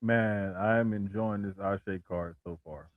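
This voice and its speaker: A man co-hosting a wrestling podcast with animated, joking banter. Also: on the low side, a little slow, no echo. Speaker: podcast co-host. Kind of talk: casual podcast chat. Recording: tinny phone-like line.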